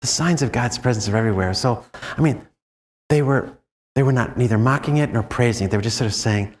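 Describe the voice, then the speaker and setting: Chuckling priest in an echoing hall. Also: male voice, mid-range voice, brisk. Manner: rambling, chuckling storyteller who asks the audience questions. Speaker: Jesuit priest leading a retreat. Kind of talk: anecdotal retreat talk to a live group. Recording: long reverb in a large room.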